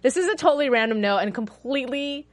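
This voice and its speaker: A woman co-hosting a casual chat about a TV show, animated and self-deprecating, often trailing off and restarting. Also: high-pitched, fast, no room sound. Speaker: podcast co-host.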